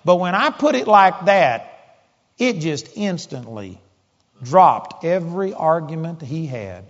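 A man's voice: fairly high pitch, sing-song, slow. A man preaching a sermon, telling a story in an emphatic, conversational way. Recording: dull audio in a large hall with long reverb.

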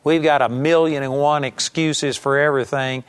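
A man preaching a sermon, reading scripture slowly and with emphasis, then explaining it in plain, earnest talk. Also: a little high, steady tone, clear, resonant tone.

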